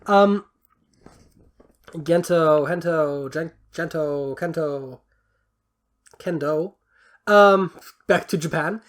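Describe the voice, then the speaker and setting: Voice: mid-range voice, very slow, long pauses. Rambling podcast co-host thinking aloud. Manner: thinks aloud, muttering through word guesses; rambling, with many fillers and casual swearing. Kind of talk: casual chat.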